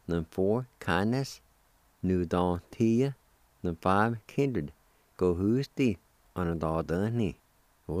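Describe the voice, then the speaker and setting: A man's voice: low-pitched, darkish tone, no echo. A man hosting a radio language lesson who spells words and sounds them out syllable by syllable, patient and encouraging with his listeners. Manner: slow and careful, breaks words into syllables. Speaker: radio host teaching language vocabulary.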